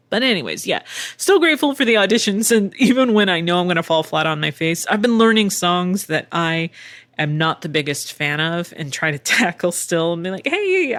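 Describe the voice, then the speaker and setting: A woman's voice: lowish voice, a bit bright, no room sound. A middle-aged woman hosting a casual solo podcast, chatty and candid, swearing freely with wry asides. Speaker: podcast host and voice actor.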